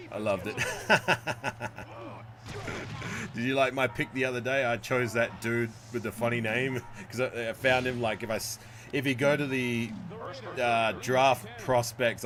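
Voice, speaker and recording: A man streaming a football video game live, chatting with viewers and swearing and shouting at plays. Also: medium pitch, background noise. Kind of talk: live gameplay commentary.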